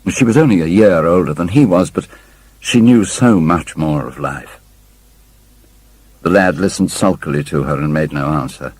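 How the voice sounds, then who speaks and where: Deep husky-voiced male audiobook narrator. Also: darkish tone, dry recording, poor audio. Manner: measured, literary storytelling. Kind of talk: scripted narration.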